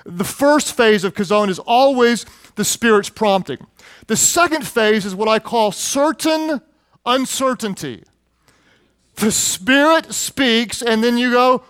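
A middle-aged man preaching with a fairly high, bright-edged voice, close and dry with no room sound. He tells stories in an animated way and jumps into excited quoted voices. A pastor's sermon delivery. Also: takes it slowly, smooth, no room sound.

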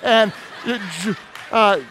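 Animated high-voiced male pastor preaching. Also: takes it slowly, slight background noise. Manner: animated storytelling, acts out quotes in a high excited voice. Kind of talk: sermon.

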